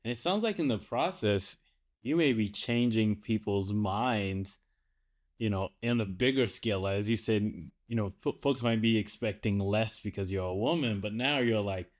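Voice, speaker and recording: A man's voice: lowish voice, moderate pace. A man hosting a podcast, chatty and self-deprecating, who laughs easily. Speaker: podcast host. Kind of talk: casual podcast conversation.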